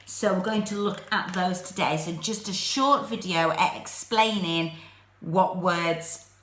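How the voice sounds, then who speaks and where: English lady teaching phonics to little kids, drawing out each sound slow, echoey room. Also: on the low side, fairly bright tone. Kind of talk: phonics lesson for young children.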